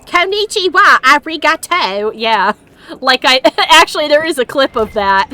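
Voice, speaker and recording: A woman streaming a video game, chatting casually, reacting loudly and laughing often. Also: high-pitched, animated, moderate pace. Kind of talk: casual let's-play chat.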